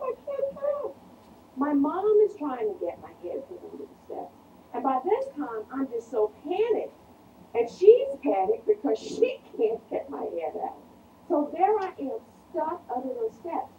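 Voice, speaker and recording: A woman telling a personal childhood story aloud, in an animated and expressive way. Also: high voice, measured pace, phone-quality sound. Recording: echoey room, mic from a distance, faint noise.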